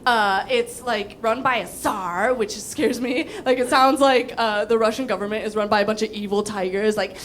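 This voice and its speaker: A woman's voice: fairly high pitch, fairly even intonation, moderate pace, few pauses, a bit bright, slight background noise. A young woman doing stand-up, telling a story with casual swearing and frequent giggles. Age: young adult. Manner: giggly, breaks into laughter. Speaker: comedian.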